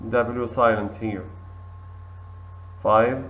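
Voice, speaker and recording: Male English teacher, very slow, drills each word twice, thin phone-like sound. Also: lowish voice, steady tone. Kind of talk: recorded classroom lesson. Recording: tinny phone-like audio.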